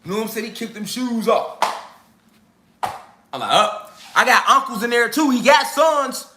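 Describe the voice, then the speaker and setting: A man's voice: very high-pitched, normal speed, roomy sound, background noise. A young man from Chicago telling a comic family story in loose slang, acting out his relatives' voices. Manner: animated, slangy, acts out family members. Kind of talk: comedic storytelling.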